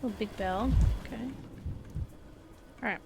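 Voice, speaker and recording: A woman's voice: medium pitch, a little slow, creaky, noisy background. A woman streaming a video game, chatting as she plays, thinking aloud and reading the game's dialogue out. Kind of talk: live gameplay commentary.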